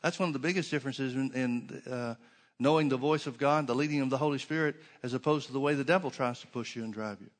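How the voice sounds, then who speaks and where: A man's voice: mid-range voice, fast, big-room sound. A man preaching a sermon, driving his points home with repeated phrases and rhetorical questions.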